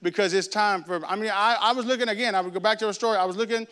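A man's voice: high voice, steady tone, racing, pushed and bright, smooth. A male pastor preaching a fervent sermon, repeating himself and calling for amens from the congregation. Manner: fervent, repetitive call-and-response preaching. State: raises his voice at times.

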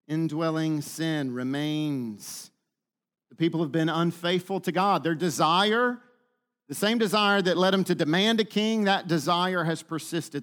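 A man preaching a sermon, teaching with frequent rhetorical questions to the room. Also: a little high. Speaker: pastor.

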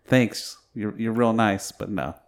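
A young man in casual chat, telling stories in a relaxed, self-deprecating way. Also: on the low side, slow.

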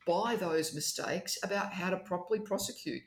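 A speaker with an Australian accent, explaining legal process in a measured way as a guest in a casual discussion. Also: mid-range voice. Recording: roomy echo.

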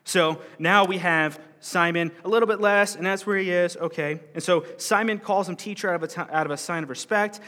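A man's voice: on the high side, fairly bright tone, big-room sound. A man teaching a Bible parable in a loose, conversational way, acting out the lines of the people he quotes. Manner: conversational, acts out quoted speech. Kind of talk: sermon-style Bible teaching.

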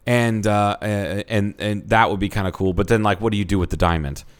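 Man, young adult, podcast co-host, crude jokes, frequent swearing, low pitch. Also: fairly even intonation, brisk, clean tone. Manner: crude, joking, swears a lot. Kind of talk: casual chat.

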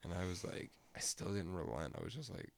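Animated young man telling a story. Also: low voice, brisk, creaky, no room sound. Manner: animated storytelling with heavy swearing. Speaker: podcast co-host. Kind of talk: casual chat.

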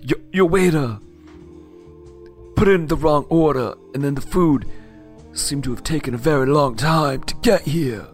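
A man voicing a pompous, grandiose male restaurant manager who booms theatrical declarations. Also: unhurried, soft background music, close to an everyday voice.

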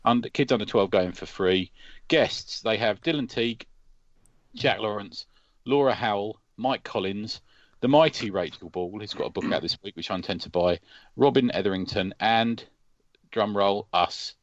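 Speaking at a moderate pace with a fairly low pitch, this man co-hosts a podcast, swapping stories in a chatty, casual way and laughing frequently. There's no room sound, and the audio is dry and dull, like lo-fi.

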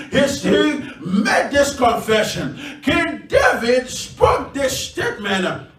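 A man preaching in a church with a very high, lively voice that swoops up and down. He talks slowly and emphatically, often pausing on filler sounds. He is recorded from a distance, so the room echoes around him. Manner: emphatic, with frequent fillers and call-and-response. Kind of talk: sermon.

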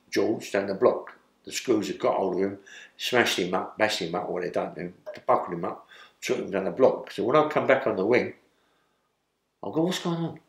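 An older London man with a London accent and a lowish, creaky voice tells a rambling prison story in an interview, and the room sounds spacious. He's a former criminal being interviewed, and he keeps checking in with "yeah?"

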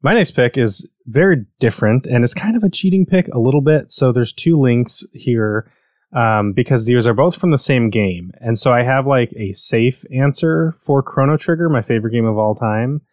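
A man's voice: mid-range voice, normal speed, a little mellow, dry recording, studio quality. An American man chatting casually about video games, rambling and correcting himself as he goes. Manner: rambling, self-correcting, enthusiastic.

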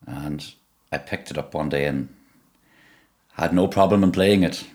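A middle-aged Irish man with a Donegal accent, telling stories in an interview in a relaxed way, often repeating and restarting words. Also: rumbling low, measured pace. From Ireland (Donegal). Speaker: musician guest. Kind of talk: conversational interview.

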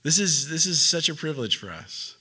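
Energetic man preaching a sermon. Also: on the high side, brisk, husky. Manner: conversational, with casual fillers and asides; builds to emphatic, fervent preaching. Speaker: pastor.

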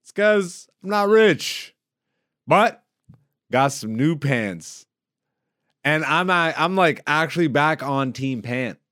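Animated laughing male podcast host. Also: mid-range voice, dry recording, studio quality. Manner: animated, swearing, laughing a lot. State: high and relaxed. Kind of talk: casual comedic podcast chat.

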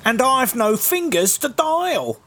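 Rudolph, a man doing a squeaky frantic young reindeer. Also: sing-song, takes it slowly, fairly bright tone, heavily acted. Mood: urgent. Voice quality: high squeaky voice. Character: excitable young male reindeer.

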